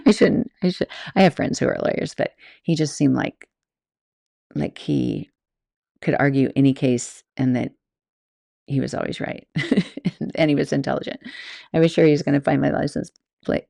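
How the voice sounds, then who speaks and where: A woman's voice: sits low, creaky, mellow, dry recording, studio quality. A woman host and yoga teacher telling stories in a chatty, rambling way, laughing often. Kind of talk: casual storytelling monologue.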